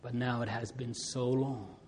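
A man preaching a sermon to his congregation, swinging between loud appeals and hushed near-whispers. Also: medium pitch, fairly even intonation, a little slow, a little hiss or hum.

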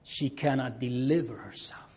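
A man preaching a sermon to his congregation, swinging between loud appeals and hushed near-whispers. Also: medium pitch, moderate pace.

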